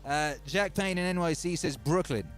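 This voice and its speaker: A man's voice: a little high, moderate pace, faint music behind. A man hosting a casual livestream, rambling and self-mocking with lots of fillers and restarts, reading viewer comments aloud and calling viewers brother and sister. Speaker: livestream host and music producer.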